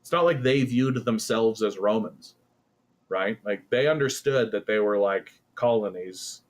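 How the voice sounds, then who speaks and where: A man's voice: fairly low pitch, measured pace. A man from Canada hosting casual political commentary, rambling with lots of fillers and breaking into sarcastic jeers.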